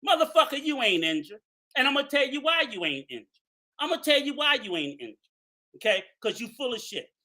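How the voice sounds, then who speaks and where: A man delivering an angry commentary rant, profane and heated, repeating himself and often shouting. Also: very high voice, very animated, fairly quick.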